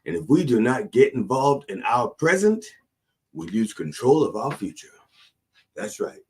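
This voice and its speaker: Comic preacher host, male, lively swooping pitch, preacher cadence broken up by cussing. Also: a little slow. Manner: animated preacher cadence, repeating phrases, mixing in cussing. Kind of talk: comedic mock sermon.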